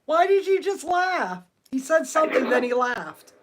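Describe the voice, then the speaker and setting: Excitable woman live-streaming a ghost hunt. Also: sits high, a little slow. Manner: excitable, talks out loud to spirits. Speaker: livestream ghost hunter. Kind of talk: live-stream chat with viewers.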